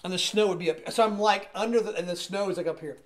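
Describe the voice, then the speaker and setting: A man's voice: sits high, fast talker. A man casually telling a funny story about a film shoot, laughing often and acting out the people he quotes. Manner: animated, laughing, acts out quoted voices. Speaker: podcast guest actor.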